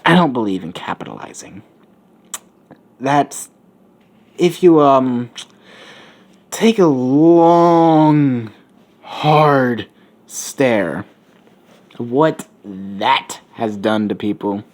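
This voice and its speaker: A man's voice: mid-range voice, expressive, very slow, pauses often. A man voicing a smug, boastful teenage boy genius in a spoken story. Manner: cocky, boastful.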